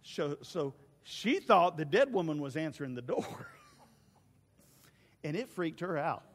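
A male pastor preaching an animated sermon, swinging from shouts to hushed asides. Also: on the high side, measured pace. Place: church sanctuary. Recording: long church reverb.

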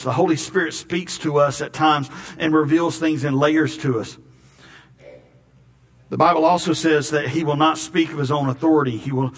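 A man preaching a sermon in a folksy, storytelling way, often repeating words. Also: fairly high pitch. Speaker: pastor.

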